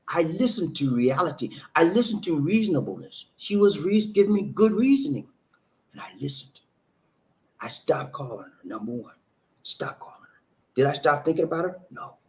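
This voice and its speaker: A middle-aged man, telling viewers a personal story in an emphatic way, often tagging on "man" and laughing at himself. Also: mid-range voice. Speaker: vlog host.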